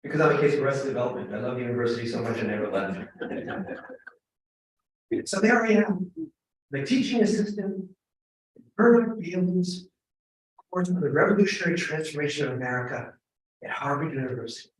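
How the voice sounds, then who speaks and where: A middle-aged man, a professor giving a humorous storytelling talk, animated and joking with bursts of emphatic shouting. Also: on the high side, fairly quick, long pauses. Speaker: guest lecturer, professor. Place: large echoing temple hall. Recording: echoey hall from far off.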